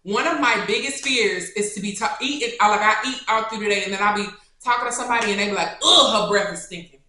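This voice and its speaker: A young adult woman vlogger answering questions in a casual, chatty, animated way. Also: medium pitch, fast, a little hiss or hum. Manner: chatty and animated, turning tender and choked up. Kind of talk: casual Q&A chat to camera. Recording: echoey room.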